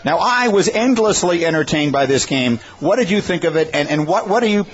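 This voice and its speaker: A man hosting a sports talk radio show, chatting easily and steering the talk with questions. His voice is on the higher side. The recording is slightly dull, with faint noise underneath. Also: expressive, a little fast. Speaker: host.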